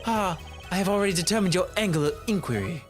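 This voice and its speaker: A man's voice: high-pitched, expressive, fast talker, faint music behind. A man voicing a pompous, long-winded male student witness in a fan read of a game. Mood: lecturing. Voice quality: pompous, lecturing.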